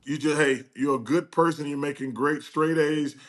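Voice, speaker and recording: An older man telling stories as a guest in a casual chat, acting out quoted dialogue with lively energy. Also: fairly high pitch, moderate pace. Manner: animated, acts out quoted dialogue.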